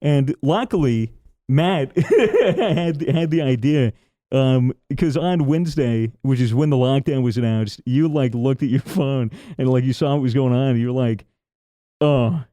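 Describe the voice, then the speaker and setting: A young man joins in on a podcast with casual, chatty remarks, often laughing and cursing. His voice is mellow and mid-pitched. The sound is dry and close to the mic. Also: a little slow, dry recording. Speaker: podcast co-host.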